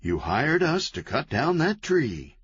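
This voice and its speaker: A man's voice: fairly high pitch, very animated, a bit bright, breathy edge, no room sound, pitched above the performer's own voice, full character voice. A man voicing a manic, chatty, cheerful antihero man who talks gleefully and wheedles. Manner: gleeful, fast-talking, wheedling. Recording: dull, lo-fi, dry.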